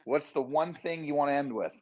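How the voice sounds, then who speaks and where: A man's voice: a little high, fairly quick, a little mellow, highs cut off. A man hosting a real estate training session, coaching with emphatic, repetitive punchy phrases. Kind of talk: motivational coaching talk.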